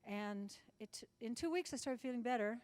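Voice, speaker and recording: A woman's voice: fairly high pitch, animated, moderate pace, a little mellow. A woman in her seventies, a guest in a live interview before an audience, telling long anecdotes with frequent restarts. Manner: chatty anecdotal storyteller with many restarts. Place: large club function room before an audience. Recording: reverberant hall.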